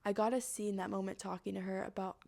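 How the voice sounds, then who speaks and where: A woman's voice: mid-range voice, little pitch movement, fast talker, vocal fry, warm tone. A young woman, a podcast host, telling a personal story and acting out her own inner voice with animation.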